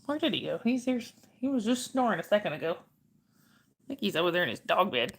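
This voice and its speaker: Hosting a casual livestream, a middle-aged woman chats with viewers, greeting each by name and answering chat questions. She talks fairly quickly in a sing-song, mid-range voice that's a bit bright.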